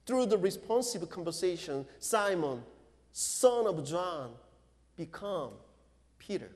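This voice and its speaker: Slow-preaching pastor, high voice. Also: male voice, expressive, darkish tone. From Korea. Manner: slow, deliberate preaching with non-native English phrasing. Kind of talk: sermon. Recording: long reverb of a large hall.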